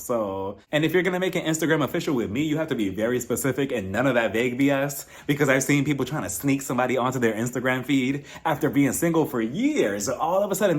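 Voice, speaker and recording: Lively, gossipy male recap host. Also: mid-range voice. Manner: animated, gossipy, laughs at own jokes. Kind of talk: casual comedic recap.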